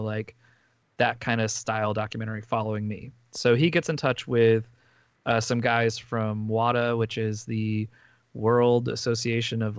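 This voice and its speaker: A man's voice: lowish voice, no echo, dull audio. A man on a podcast, casually recapping a documentary in a rambling way, full of fillers and restarts. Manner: rambling, filler-heavy storytelling with frequent restarts. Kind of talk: casual chat.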